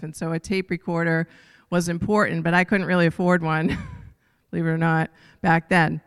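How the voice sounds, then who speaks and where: A group leader shares a quick personal story in a loose, chatty way. The voice is very smooth and stays level. It carries a long reverb, as if in a large hall. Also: medium pitch, fairly bright tone. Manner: informal, with many fillers and small laughs. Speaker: group leader closing a meeting. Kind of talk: casual faith talk.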